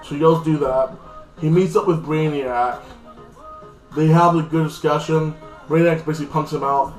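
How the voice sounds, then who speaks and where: A man giving a casual, rambling spoken recap of a TV episode, full of fillers and restarts. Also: a little high. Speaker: TV episode reviewer. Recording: echoey room, faint guitar music.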